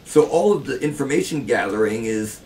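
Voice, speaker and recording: A man's voice: mid-range voice, expressive, brisk, darkish tone, a little hiss or hum. Laid-back male gamer, distant mic. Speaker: gamer co-host. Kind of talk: casual let's play chat.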